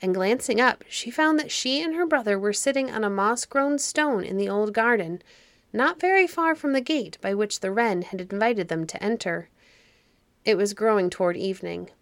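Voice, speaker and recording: A woman narrating a children's fairy story audiobook in a calm, measured way. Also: medium pitch, no echo.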